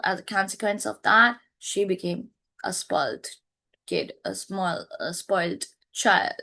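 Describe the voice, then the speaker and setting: Slow-talking woman teacher. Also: medium pitch, fairly bright tone. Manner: repetitive, searching for words, frequent "right?". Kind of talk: explaining a play to students.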